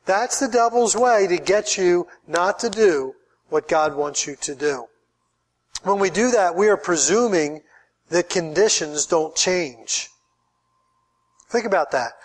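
A man, a pastor, preaching a sermon in an earnest way, often repeating words as he builds his point. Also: high voice.

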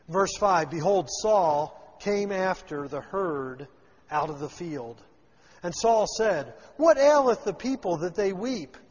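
A man teaching a Bible passage verse by verse speaks in a high-sitting, husky voice. He reads the original wording and then puts it into everyday language, performing lines for the figures in it. The recording sounds dull and lo-fi, washed in long hall reverb.

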